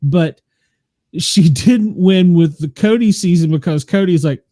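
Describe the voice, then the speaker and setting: A man's voice: high voice, measured pace, mellow, no room sound. A man hosting a podcast in casual chat, gossipy and profane, often laughing as he talks. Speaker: podcast host.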